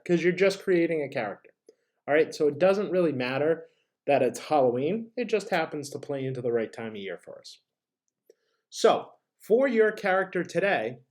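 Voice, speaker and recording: A man's voice: on the high side, darkish tone. A man teaching drama, giving upbeat classroom instructions and leading call-and-answer chants.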